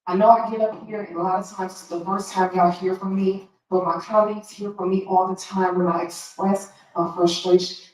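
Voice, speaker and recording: A woman's voice: medium pitch, level tone, moderate pace, few pauses, a little mellow. Emotional fired-up woman trustee talking at a board meeting, heard from far off in a big echoey room. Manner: impassioned, frustrated, direct.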